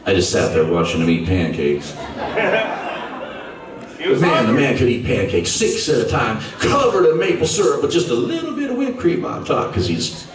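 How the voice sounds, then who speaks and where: A rock singer telling a story to his audience between songs, with dramatic pauses and teasing asides to the crowd. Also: mid-range voice, very animated. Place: concert club stage. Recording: echoey club from far, loud crowd.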